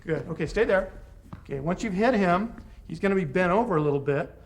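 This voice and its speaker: A man's voice: high-pitched, animated, brisk, noisy background. Man coaching a self-defense class. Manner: coaching, short commands with encouragement. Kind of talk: hands-on class instruction.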